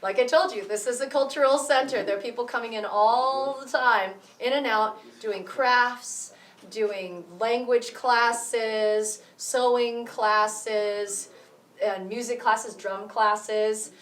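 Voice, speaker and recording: A woman's voice: fairly high pitch, steady tone, takes it slowly. A woman explaining rhythm in a drum lesson at a cultural center, counting beats aloud in a friendly way. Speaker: music teacher. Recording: roomy echo, mic far off.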